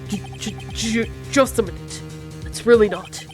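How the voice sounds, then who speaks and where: A jittery young defense lawyer, played by a woman, who stammers and trails off in a hushed, lowered voice. Faint game music hums behind him. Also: a little slow, lightly acted. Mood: nervous. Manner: stammering, hesitant.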